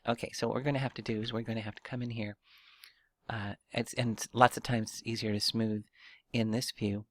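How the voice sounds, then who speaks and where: Guy rambling thru a 3d modeling tutorial, thinking out loud, um uh restarts, dry close sound. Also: lowish voice, little pitch movement, fairly quick, no echo. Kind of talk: casual screen-recorded software tutorial.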